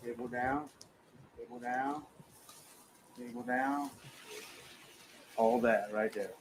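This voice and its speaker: A man's voice: mid-range voice, fairly even intonation, slow. A man on a work crew outdoors, calling out short instructions. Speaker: crane work crew member. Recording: distant outdoor voice with faint noise.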